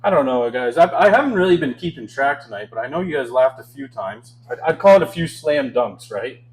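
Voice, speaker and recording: A man's voice: medium pitch, expressive, a little fast, a little hiss or hum, poor audio. Young male stand-up comic, wry. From Canada. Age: 20s. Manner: self-deprecating, wry storytelling with frequent chuckles. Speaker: stand-up comedian. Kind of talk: stand-up comedy set. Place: comedy club stage.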